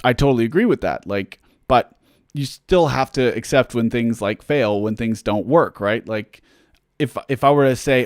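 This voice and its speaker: A man's voice: medium pitch, brisk. A man in a casual livestream chat with a mid-range voice. He rambles through answers with plenty of fillers and self-deprecating humor. The sound is dry, with no room echo. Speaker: musician answering fan questions.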